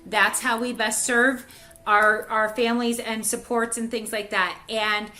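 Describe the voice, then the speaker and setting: A woman's voice: fairly high pitch, flat delivery, a little slow, sharp tone, soft background music. A woman hosting a web chat, speaking in a friendly way with many fillers and repeating herself.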